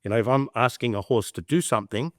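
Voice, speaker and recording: A man's voice: medium pitch, quick pace, dry recording, clean studio sound. A middle-aged man with an Australian accent, speaking reflectively as a podcast guest and acting out little voices in his anecdotes. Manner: animated storyteller, acts out voices in anecdotes. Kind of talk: reflective interview talk.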